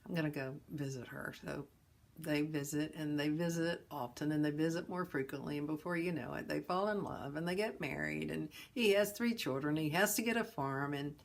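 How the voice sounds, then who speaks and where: A woman hosting a talk on suffering, telling a parable in a gentle, folksy way. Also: low voice, normal speed, vocal fry. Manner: gentle, folksy storyteller with chuckles. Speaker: host and teacher of a philosophy of ease.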